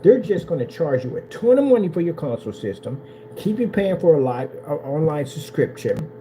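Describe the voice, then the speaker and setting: A man talking casually and at length about building a computer, bouncing between quick asides and mocking imitations. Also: poor audio. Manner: animated, mocks console fans in high put-on voices. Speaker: tech vlogger. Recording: faint background noise.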